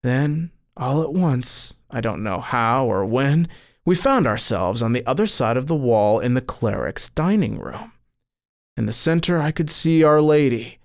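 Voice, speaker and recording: A man reading a first-person account of a saint's dream as scripted narration, telling it expressively. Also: a little slow. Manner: expressive storytelling, lifting pitch on quoted cries.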